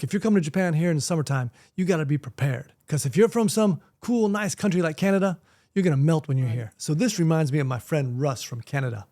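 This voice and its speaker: A man's voice: a little high, darkish tone. A man in his fifties from Florida, telling stories to camera in a chatty, joking way. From Miami, Florida, USA. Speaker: martial arts teacher and vlogger. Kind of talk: casual storytelling to camera.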